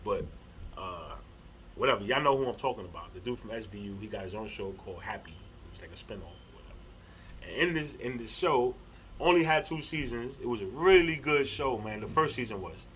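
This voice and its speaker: A middle-aged man in a casual spiritual monologue to camera, rambling and repeating words, with heavy slang and swearing, earnest, with soft laughs between thoughts. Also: lowish voice, animated, brisk, slight background noise, rough recording. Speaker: spiritual vlogger.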